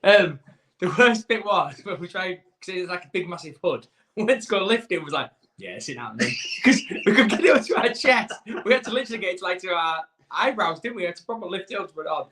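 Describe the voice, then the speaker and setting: A man's voice: sits high, expressive, fast, bright, forceful tone. A man, co-hosting a podcast in casual, chatty talk, telling stories and laughing often. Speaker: podcast co-host. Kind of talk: casual chat.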